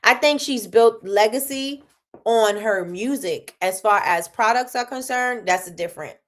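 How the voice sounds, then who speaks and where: A woman's voice: on the high side, unhurried. A woman hosting a casual livestream, talking business with lots of repetition and reading out chat comments. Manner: animated, repeats phrases, reads chat aloud. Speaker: livestream host.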